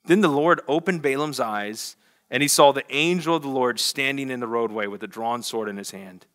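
A young adult man preaching a lively sermon, telling a story with big energy and acting out the voices in quotes. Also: medium pitch, moderate pace. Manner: animated, acts out voices in quotes. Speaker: pastor.

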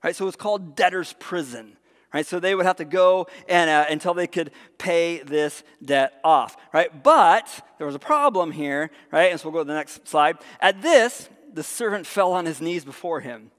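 A man preaching a sermon as pastor, animated and conversational, tossing in frequent rhetorical asides. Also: on the high side, normal speed, big-room sound. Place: church sanctuary.

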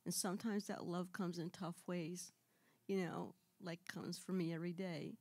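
A woman giving a heartfelt testimony at a church service, fighting back tears and speaking in quick rushes. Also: lowish voice, steady tone, a little mellow, slightly rough. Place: church sanctuary.

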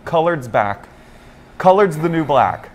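A man's voice: fairly high pitch, moderate pace, a little hiss or hum. A man co-hosting a morning talk show in casual chat, telling stories and acting out the lines of people he quotes. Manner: animated storyteller, acts out quotes in other voices.

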